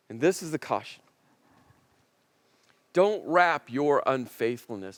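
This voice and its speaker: A male pastor preaches with an animated delivery and repeats key lines for emphasis. His voice is high and lively, and he speaks at a measured, slow pace. A long reverb fills the large church hall around him. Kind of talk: sermon.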